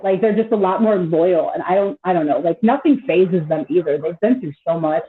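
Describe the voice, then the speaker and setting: Speaking fairly quickly in a fairly low voice, a thirtysomething woman rambles through casual live-stream chat, swearing freely and saying "like" constantly. Her tinny, call-quality audio carries a little hiss or hum.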